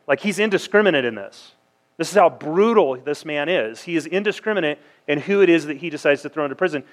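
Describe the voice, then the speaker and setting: A man's voice: a little high, fast. A man preaching a sermon, reading verses aloud and explaining them in a conversational way, asking the congregation rhetorical questions. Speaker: pastor.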